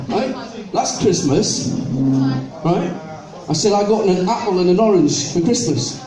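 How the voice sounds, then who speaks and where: A man's voice: high voice, lively intonation, moderate pace, crowd noise. An older man doing stand-up comedy, telling chatty stories and acting out people in his jokes, with an audience sing-along. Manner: chatty storytelling, acting out other people in joke dialogue. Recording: echoey venue, mic heard from a distance.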